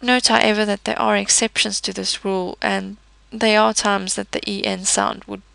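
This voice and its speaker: A woman teaching a pronunciation lesson, explaining patiently with pauses, fillers and small self-corrections. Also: medium pitch, flat delivery, vocal fry, fairly bright tone, no room sound, poor audio. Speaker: French teacher.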